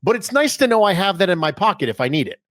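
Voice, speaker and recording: A man's voice: high voice, sing-song, quick pace, fairly bright tone, no room sound, studio quality. A man guesting on a podcast, telling stories animatedly with speech and emphatic repetition. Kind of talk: casual podcast interview.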